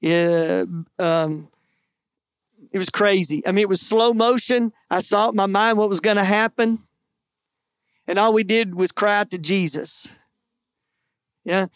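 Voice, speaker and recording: A man's voice: high-pitched, clear, resonant tone, no echo, clean studio sound. A man preaching, telling a personal testimony earnestly with self-deprecating jokes. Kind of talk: sermon testimony storytelling.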